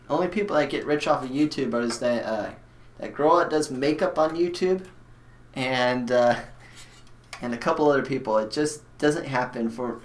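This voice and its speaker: Blunt rambling man live-streaming. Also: medium pitch. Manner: blunt, rambling, frequent restarts and fillers. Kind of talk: casual live-stream chat while building a computer.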